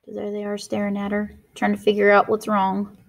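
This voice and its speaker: A woman's voice: medium pitch, completely flat delivery, a little fast, vocal fry. A woman teacher reading a picture book aloud, expressively, stopping to explain words.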